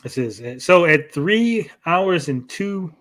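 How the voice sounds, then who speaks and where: On the high side and fairly bright, this man's voice is animated but slow as he hosts a reaction stream and tells a long story. Casual in tone, he often closes with "right?" and acts out quoted lines by raising his voice.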